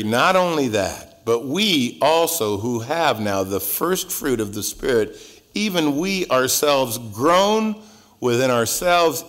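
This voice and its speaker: A male pastor teaching through a Bible passage verse by verse in a relaxed, joking, conversational way, his voice swinging up and down. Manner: conversational and joking, with wide swings in pitch and loudness.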